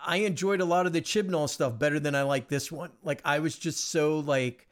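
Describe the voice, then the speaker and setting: A man with a somewhat raised voice chatting on a podcast. He rambles in a lively way, piles up fillers and restarts, and his delivery stays casual throughout. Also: fairly high pitch, moderate pace. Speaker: podcast host. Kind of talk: casual chat.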